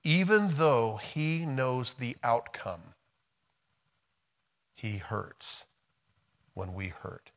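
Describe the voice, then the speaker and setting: A middle-aged American man delivers a sermon in a voice of middle pitch. He drops to a hushed, soft tone, then builds to loud, emphatic storytelling. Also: very animated, takes it slowly, hardly any pauses. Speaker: pastor.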